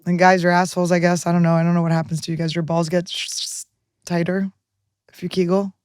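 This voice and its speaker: Crude, excitable woman podcast host. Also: on the low side, fast talker, clear, resonant tone, no room sound. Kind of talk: casual comedic podcast chat.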